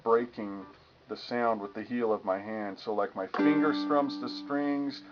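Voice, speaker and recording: A guitar teacher with a steady, mid-range voice speaks at a measured pace during a casual lesson. Guitar plays in the lo-fi recording as he walks through strumming patterns, humming the rhythms to show them.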